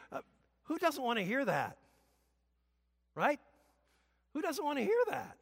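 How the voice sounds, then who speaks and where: Bright-voiced male pastor preaching emphatically. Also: very high-pitched, very animated, unhurried, pauses often, big-room sound. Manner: emphatic, conversational preaching with sudden loud exclamations. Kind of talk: sermon. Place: church sanctuary.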